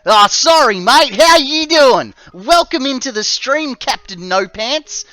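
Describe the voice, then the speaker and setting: A man's voice: extremely high pitch, lively intonation, takes it slowly, sharp tone, no room sound, voice pushed up, exaggerated voice. A man putting on an exaggerated, cheeky Australian bloke voice. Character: exaggerated broad Aussie bloke, cheeky greeter.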